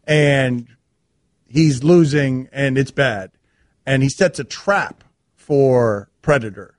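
A man's voice: medium pitch, slow pace, no echo, studio quality. A man hosting a sports radio show, telling stories and laughing often. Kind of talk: animated radio banter.

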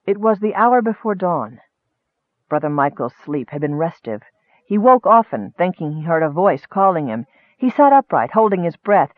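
A man narrates a fantasy story in a measured, expressive voice that sits high. The recording is dry and squeezed into a narrow band, close to a phone line. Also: no room sound. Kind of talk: audiobook narration.

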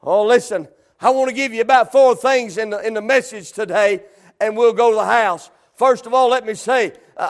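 Preacher, middle-aged man, very high voice, fervent shouted cadence. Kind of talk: sermon.

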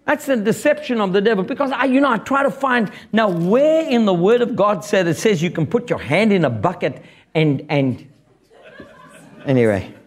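Guy preaching a sermon, pretty high voice, blunt and jokey, really animated. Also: moderate pace. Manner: animated, blunt and joking, quoting scripture.

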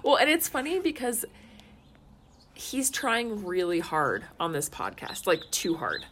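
Her mid-range voice swoops wildly in pitch at an unhurried pace, with a fairly bright tone and a little hiss or hum in the recording. She's a thirties mom co-hosting a podcast, chatting in a loose, rambling, laugh-filled way with plenty of "like" fillers.

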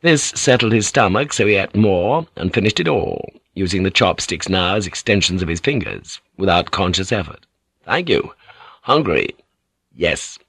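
Male audiobook narrator, lowish voice, dry close sound, measured scripted reading. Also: animated, gravelly, fairly bright tone, husky, no echo. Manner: voices characters with light shifts in pitch and broken English.

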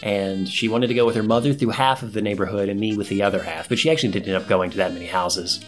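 A middle-aged man co-hosting a casual chat, telling stories in an animated way, swearing often and acting out quotes in higher voices. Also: fast, soft background music. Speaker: podcast co-host.

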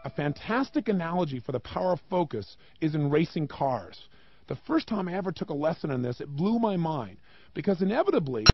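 Animated gravelly motivational speaker, man. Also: fairly high pitch, lo-fi sound, noisy background. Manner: rhetorical questions, emphatic and animated. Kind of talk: motivational talk.

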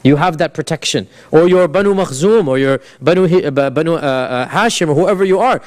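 A man's voice: fairly high pitch, expressive, fairly quick, a little mellow. A man giving a conversational classroom lecture, asking the class questions and mixing in Arabic phrases. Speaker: Islamic history teacher.

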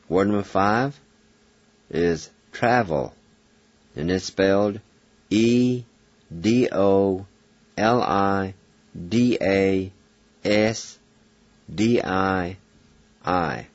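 A man teaching a language lesson, spelling out words and repeating each syllable slowly and patiently. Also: low-pitched, no room sound. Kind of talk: slow spelled-out pronunciation lesson. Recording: dull dry lo-fi recording.

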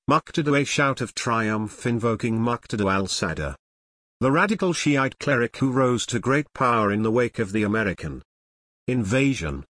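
A man reading nonfiction narration in a measured, serious way. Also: medium pitch, a bit bright, dry recording. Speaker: audiobook narrator.

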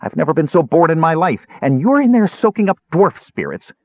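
A man voicing an excitable small male kender adventurer in a storybook reading, raising his voice high and sounding exasperated and pleading. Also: a little fast, dry recording. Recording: tinny phone-like sound.

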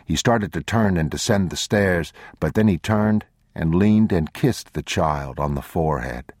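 An extremely deep, husky male narrator reads a story slowly and gravely, taking his time over every phrase. The sound is dry and close, straight into a studio microphone. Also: darkish tone, no room sound. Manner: measured, grave, unhurried. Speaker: audiobook narrator. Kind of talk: scripted narration.

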